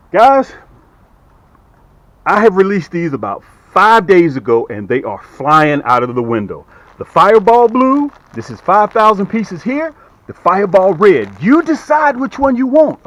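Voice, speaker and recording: A man fishing outdoors and talking casually to his viewers, excitable and folksy as he pitches his lures. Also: dry recording, lo-fi sound. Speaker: fishing vlogger and lure seller. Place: outdoors on a boat.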